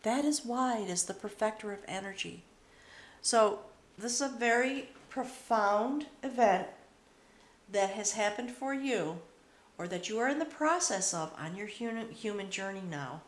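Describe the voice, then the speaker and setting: A woman giving a spiritual tarot reading, speaking slowly and reverently, often overcome with emotion. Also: mid-range voice, expressive. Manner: slow, emotional, reverent, with pauses. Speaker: tarot reader. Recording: roomy echo.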